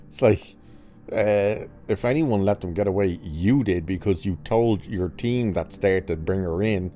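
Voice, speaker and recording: A man's voice: lowish voice, animated, slow, warm tone, faint music behind. A man reviewing a TV episode in a sarcastic, mocking rant, swearing casually as he picks apart the plot. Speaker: TV review vlogger.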